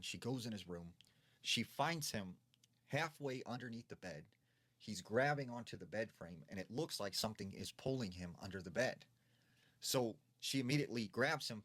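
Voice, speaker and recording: A man tells a ghost story in a loose, conversational way, dropping fillers as he goes. His voice sits on the low side. Faint music plays underneath. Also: a bit bright, breathy edge. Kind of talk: casual spooky storytelling.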